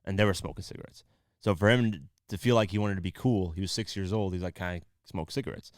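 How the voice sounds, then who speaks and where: A man with a very low voice hosts a casual podcast. He retells a story in his own words and acts out the quoted lines. The sound is dry and close to the mic. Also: fast talker, no echo. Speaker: podcast host.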